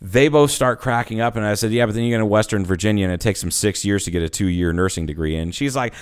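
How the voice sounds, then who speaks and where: A man's voice: on the low side, fast, hardly any pauses, clear, resonant tone. A man co-hosting a podcast, joking crudely and acting out the people in his stories in casual chat. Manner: joking, crude, acts out quoted voices. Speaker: podcast co-host.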